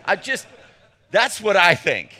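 A middle-aged man preaching a humorous sermon, animated and jokey, acting out little voices. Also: high-pitched, takes it slowly. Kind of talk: humorous sermon to a men's gathering.

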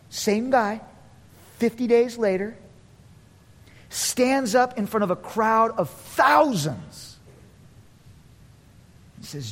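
A man preaching a sermon as pastor, animated, acting out quotes in voices and laughing often. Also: extremely high pitch, slow, long pauses. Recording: long reverb of a large hall.

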